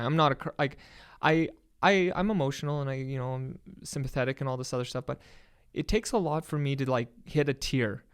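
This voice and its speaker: A young man with a Canadian accent tells a story in a casual, excited way and swears freely. His voice is smooth and clear, and it sits at a middling pitch. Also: brisk. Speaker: podcast guest.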